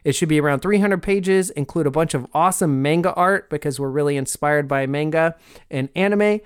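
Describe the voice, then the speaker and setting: A man's voice: on the high side, brisk. Upbeat man with an echoey sound. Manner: upbeat, loose, filler-heavy. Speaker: podcast co-host and game narrator. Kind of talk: casual podcast chat and game narration.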